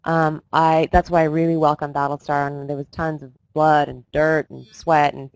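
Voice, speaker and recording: Low, dry-sounding actress talking thoughtfully. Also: female voice, flat delivery, normal speed, darkish tone, no echo, low-quality recording. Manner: thoughtful, hesitant with fillers, laughs while telling stories. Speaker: actress guest. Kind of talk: live online interview.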